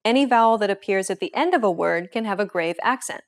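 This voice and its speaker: A woman hosting a language lesson, reading a script in a clear, even, instructive way. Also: medium pitch, fast talker.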